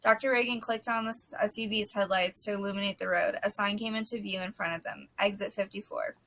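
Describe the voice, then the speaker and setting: A woman narrating an audiobook in a steady, plain voice. Her pitch sits in the middle range, and she stumbles now and then on a word. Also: fast talker, low-quality recording. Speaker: audiobook reader.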